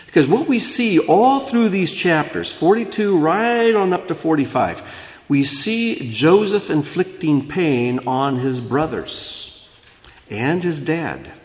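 A man preaching a sermon as pastor, dropping low and soft, then rising loud and animated. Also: slow. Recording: echoey hall.

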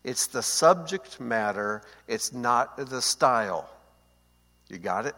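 Taking it slowly, a man with an expressive, mid-range voice that sounds pushed and bright gives a seated Bible teaching. He speaks conversationally and often asks listeners to confirm they follow. Long hall reverb colors the audio.

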